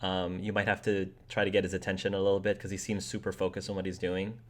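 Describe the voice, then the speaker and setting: A man's voice: low-pitched, completely flat delivery, fast. A man acting as game master, describing the scene to players in a casual way with many restarts. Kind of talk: narrating a tabletop game.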